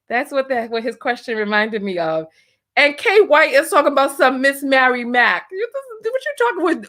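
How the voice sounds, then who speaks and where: High-voiced woman laughing through a livestream. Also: big pitch swings, normal speed, a bit bright. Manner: laughs often, exclaims "oh my Lord" and "have mercy". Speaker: livestream host. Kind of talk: casual livestream chat reading donations.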